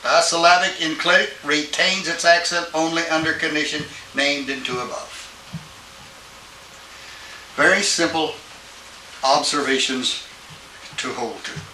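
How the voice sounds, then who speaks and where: A man's voice: a little high, fairly even intonation, measured pace, pauses often, pushed and bright. An older man teaching Greek grammar in a classroom lecture, patiently checking in with his students as he goes. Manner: patient, checks in with "all right?". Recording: old tape, roomy and distant with hiss.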